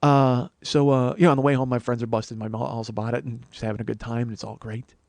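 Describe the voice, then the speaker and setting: A man in his forties, a podcast host, telling a story in a profane, rambling way full of halting restarts. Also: medium pitch, little pitch movement, creaky, a little mellow, no room sound. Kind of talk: comic storytelling monologue.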